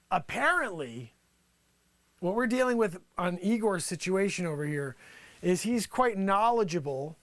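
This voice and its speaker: A man's voice: sits high, a bit bright, no room sound. A man hosting an improvised mock news report, rambling playfully and talking to off-screen people. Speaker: host.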